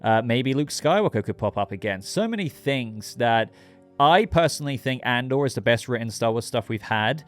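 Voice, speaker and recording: A man's voice: medium pitch, expressive, moderate pace, soft background music. A man hosting his own channel, giving a casual, rambling episode review and talking straight to his viewers. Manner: rambling, chatty, addresses viewers directly.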